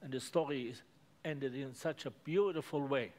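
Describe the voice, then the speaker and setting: A man's voice: medium pitch, normal speed, a little mellow. A man preaching a sermon in earnest, simple phrases, often repeating words for emphasis.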